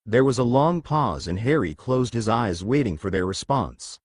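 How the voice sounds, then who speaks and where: A man narrating fan fiction aloud in a steady storybook manner. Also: mid-range voice, moderate pace, dry recording, clean studio sound.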